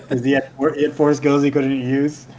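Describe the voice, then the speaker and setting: A man's voice: mid-range voice, darkish tone, slight background noise. Hesitant man recounting a match. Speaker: podcast guest. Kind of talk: casual esports podcast chat.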